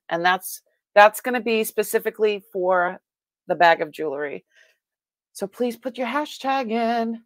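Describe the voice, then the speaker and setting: A woman's voice: medium pitch, dry recording. A woman with a Boston accent hosting a casual live-stream sale, chatting and greeting viewers by name with frequent laughs.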